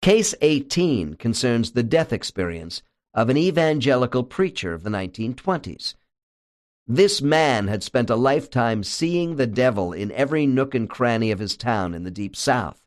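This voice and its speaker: This expressive male audiobook narrator reads scripted narration at a moderate pace in a mid-range voice. The recording is dry, with clean studio sound.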